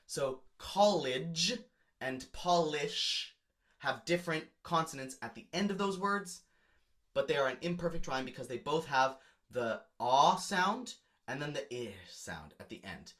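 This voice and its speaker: A man's voice: on the high side, big pitch swings, normal speed, pushed and bright. A man, a music educator, explaining song lyrics in a lecture with emphatic examples.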